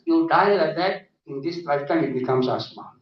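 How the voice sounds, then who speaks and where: A man giving a lively conference lecture full of anecdotes, often asking "isn't it?". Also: fairly high pitch, moderate pace. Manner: animated, often adds 'isn't it?'. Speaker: conference speaker. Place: conference hall. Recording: echoey hall, distant dull mic.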